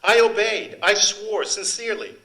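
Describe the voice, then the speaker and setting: A man's voice: sits high, moderate pace, gravelly, bright, forceful tone, far from the mic, voice pushed up, exaggerated voice, rough recording. A man putting on a pleading, devout peasant woman. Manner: emotional, imploring.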